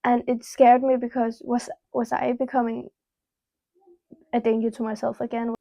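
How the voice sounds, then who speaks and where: A woman's voice: on the high side, level tone, moderate pace, vocal fry, dark tone, no echo, low-quality recording. A teenage girl telling a personal story to camera in a candid, rambling way, full of "like" and casual swearing. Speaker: vlogger. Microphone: small clip-on mic.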